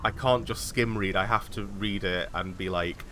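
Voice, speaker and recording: A man's voice: fairly low pitch, steady tone, moderate pace, pushed and bright. A man streaming a video game, chatting casually and joking as he reacts aloud to what happens on screen. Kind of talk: casual gaming chat. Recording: live stream with faint noise.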